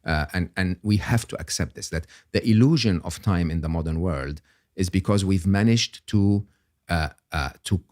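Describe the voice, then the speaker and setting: An older man, a guest on an interview podcast, explaining ideas in an animated, emphatic way and often checking in with "okay?". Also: low voice, no room sound, studio quality.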